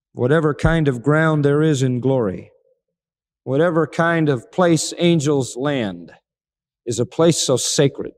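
A man delivers a sermon in a high voice that swoops up and down with real animation. He gets dramatic and acts out the words he quotes. His voice trails off in the long reverb of a large hall. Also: a little mellow. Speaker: preacher.

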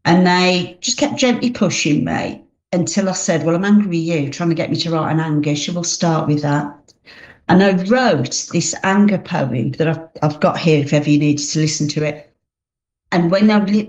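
A woman's voice: low-pitched, a little mellow. A woman giving a heartfelt personal testimony as an interview guest, speaking earnestly and often restarting her sentences.

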